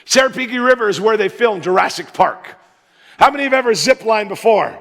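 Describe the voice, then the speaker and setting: High gravelly American man preaching. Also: fairly quick. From United States. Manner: joking, animated storyteller who plays to the crowd. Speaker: guest pastor. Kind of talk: humorous sermon storytelling. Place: large church sanctuary. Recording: reverberant church hall.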